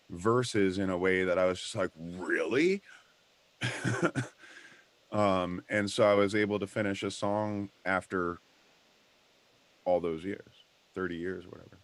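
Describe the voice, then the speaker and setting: A man, a songwriter guest, chatting casually on a video call in a relaxed, storytelling way. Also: low-pitched, measured pace, long pauses, clear, resonant tone, no echo. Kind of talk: casual group video chat.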